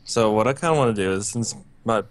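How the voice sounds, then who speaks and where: Low-voiced man, unsure player. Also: fast. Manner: unsure, asks a lot of questions about the game. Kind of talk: casual tabletop game chat.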